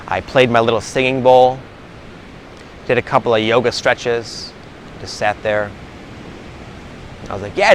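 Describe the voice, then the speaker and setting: A man's voice: a little high, fairly bright tone, slight background noise. A man talking as a spiritual coach in a casual vlog monologue, rambling with many restarts and filler words.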